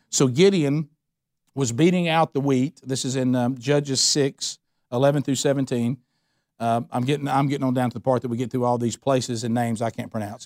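A man's voice: on the high side, a little mellow, dry recording, clean studio sound. A middle-aged man leading a men's Bible study, talking earnestly and animatedly, often restarting phrases and acting out the voices he quotes. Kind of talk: conversational Bible teaching.

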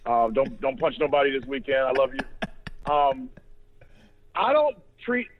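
A man's voice: mid-range voice, very animated, unhurried. Tinny-sounding rambling male podcast host. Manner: loose, profane, rambling with restarts. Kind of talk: casual sports chat.

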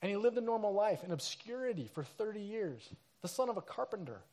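A man delivers a sermon in a relaxed, chatty way, using slang like "dude" as he retells the story. His voice sits high for a man. He acts out the quoted people with lively shifts in tone. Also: brisk. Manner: casual slang like dude and crazy. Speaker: pastor.

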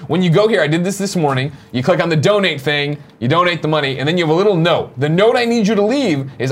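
Upbeat guy hosting a morning show, voice jumps around a lot, goofy plug reads. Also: a little high. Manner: lively, jokey, rapid plugs and reads. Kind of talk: casual chat show banter.

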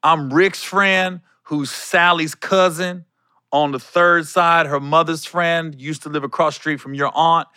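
A man's voice: on the high side, fairly even intonation, a little slow, pushed and bright, clean tone, no echo, studio quality. A man voicing a pushy, overly familiar male hanger-on who rambles and name-drops. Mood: wheedling.

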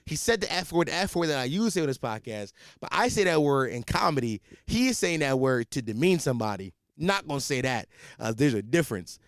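A man hosting a podcast, telling a comic story in a profane, rambling, animated way. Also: mid-range voice, fast talker, no echo, clean studio sound. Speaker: podcast host. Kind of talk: comedic storytelling.

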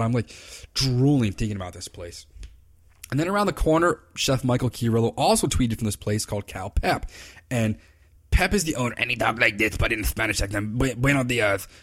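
A man hosting his own podcast, telling rambling, enthusiastic stories in casual chat. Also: mid-range voice. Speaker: podcast host, fly fishing consultant. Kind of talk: casual solo podcast talk. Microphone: computer recording.

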